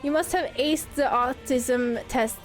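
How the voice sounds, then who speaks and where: High-pitched giggly woman streamer. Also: measured pace, faint music behind. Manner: giggly, chatty, reads and answers chat. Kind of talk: casual livestream chat with viewers.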